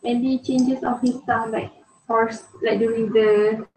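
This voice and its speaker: A woman's voice: fairly high pitch, level tone, measured pace, warm tone, recorded from a distance. A woman medical student taking a patient's history, asking polite, hesitant questions with many fillers. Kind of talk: mock clinical history-taking. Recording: echoey room with faint noise.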